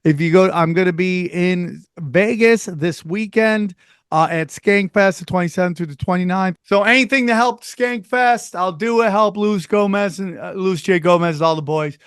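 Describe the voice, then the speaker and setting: A man hosting a podcast in casual, profane, animated chat, riffing and plugging shows. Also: high-pitched, moderate pace, clean tone, no room sound, studio quality. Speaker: podcast host.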